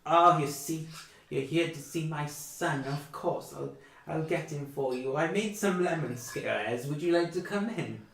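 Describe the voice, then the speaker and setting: A man's voice: a little high, unhurried, a bit bright, voice pushed up. A man voicing a chatty, sweet elderly woman in her seventies or eighties who rambles and is bluntly fussy. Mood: welcoming. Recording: echoey room.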